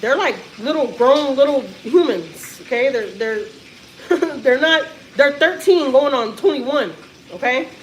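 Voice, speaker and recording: A woman talks to her livestream viewers in a casual, emphatic way, often repeating herself. Her voice sits a little high. Faint sizzling from food frying can be heard behind her. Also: lively intonation, measured pace, slight background noise, rough recording. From Texas, US. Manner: emphatic, repetitive, restarts often. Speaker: family vlogger.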